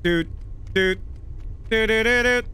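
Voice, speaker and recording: A man's voice: high-pitched, takes it slowly, heavy background noise. A man hosting a casual online game session, brash and playful, swearing freely. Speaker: host. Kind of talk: casual gaming chat.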